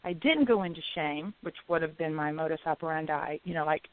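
A woman's voice: low voice, a little fast. A woman telling a personal story casually, laughing often and acting out her own reactions. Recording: tinny phone-line sound.

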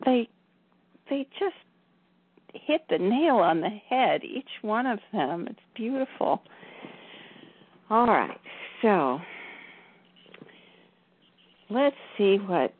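A woman chats in a bubbly, exclamatory way, laughing often. Her pitch swings in a lilting way while her pace stays slow. The sound is a thin, tinny call line. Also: sing-song, breathy edge. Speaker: channeler and co-presenter. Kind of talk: casual spiritual chat.

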